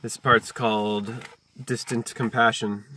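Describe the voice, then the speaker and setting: A man hosting a video who reads a book aloud, breaking off for slow, deliberate wordplay and chant-like lists. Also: lowish voice, flat delivery, bright, forceful tone, a little hiss or hum. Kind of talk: reading aloud mixed with free-associating musings.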